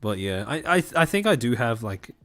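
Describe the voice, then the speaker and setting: A man's voice: mid-range voice, big pitch swings, normal speed, fairly bright tone. A young man with a light Australian-born Chinese accent, chatting casually on a live stream in a carefully articulated presenter voice, with frequent fillers. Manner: clearly articulated, precise presenter voice with many fillers.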